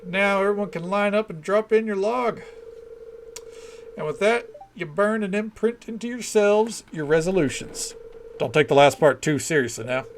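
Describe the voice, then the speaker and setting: A man's voice: high-pitched, animated, normal speed, a little hiss or hum, voice pushed up. Man putting on an accented town leader, ceremonious. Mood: teasing. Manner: put-on accent, ceremonious then teasing. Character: town leader hosting a New Year bonfire ceremony.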